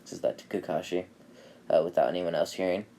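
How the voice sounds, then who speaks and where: A man's voice: low voice, flat delivery, brisk, dark tone. A man casually retelling an anime fan story, rambling with fillers and laughing at his own jokes.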